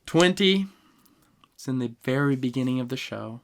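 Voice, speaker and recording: A young man hosting a podcast, casually ranking anime moments with animated, emotional storytelling and slang. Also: mid-range voice, normal speed. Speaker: podcast host.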